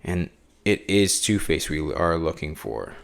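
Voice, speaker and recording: A man's voice: deep voice, animated, measured pace, vocal fry. A man hosting a casual comic book review podcast, rambling with many fillers and restarts. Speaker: podcast host.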